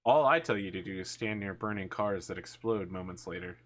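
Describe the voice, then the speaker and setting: A man's voice: low-pitched, fairly quick, a little hiss or hum. A man running a tabletop game as game master, mixing teasing banter with scene narration.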